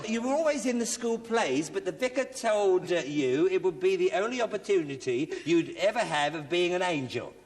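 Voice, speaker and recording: A man's voice: sits high, lively intonation, moderate pace, few pauses. A middle-aged man hosting a television game show, bantering and teasing contestants with puns. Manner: joking, teasing punning patter. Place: television studio with audience. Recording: reverberant TV studio with audience laughter.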